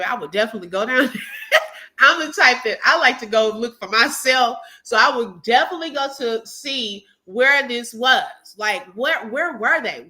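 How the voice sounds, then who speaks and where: Woman, stream host, indignant commentary, bright voice, a bit high. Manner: indignant, emphatic, talks to viewers. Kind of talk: reaction commentary on live stream.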